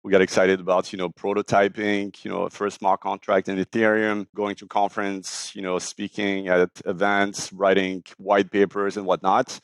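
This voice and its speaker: Deep, flat-voiced man with French accent. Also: moderate pace, few pauses, no echo. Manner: many fillers and restarts, explanatory. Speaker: startup founder, guest. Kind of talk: casual interview talk.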